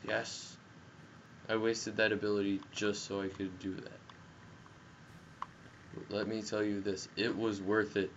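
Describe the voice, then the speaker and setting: Casual teen gamer, excitable and jokey, slow drawl, muffled headset sound. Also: male voice, lowish voice. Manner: excitable, jokey, yells at the game. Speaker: gameplay commentator. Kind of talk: casual gameplay commentary. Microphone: gaming headset. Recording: dull headset audio with faint noise.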